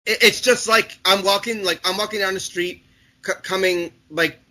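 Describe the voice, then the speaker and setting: Bright-voiced rambling young man. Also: sits high, fairly even intonation. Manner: rambling, halting, many restarts and fillers. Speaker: podcast co-host. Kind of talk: casual chat.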